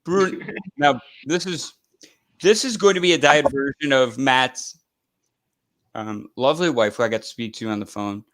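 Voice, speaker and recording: A man's voice: medium pitch, normal speed, long pauses, fairly bright tone, dry recording, rough recording. A man hosting a casual live stream, chatting in a rambling way with lots of fillers and restarts. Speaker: host.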